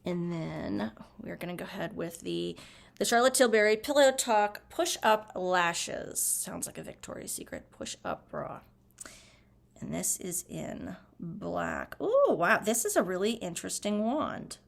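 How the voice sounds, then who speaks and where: A woman's voice: lowish voice, big pitch swings, measured pace, vocal fry. A woman chatting casually through a makeup review, gushing as she applies products. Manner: chatty, gushing, talks while applying makeup. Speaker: beauty vlogger.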